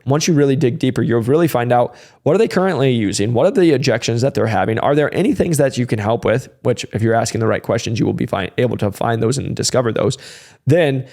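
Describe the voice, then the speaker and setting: A young adult man, a sales trainer, hosting a casual advice talk in a conversational, energetic way, often acting out sample dialogue. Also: medium pitch. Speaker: sales trainer and channel host.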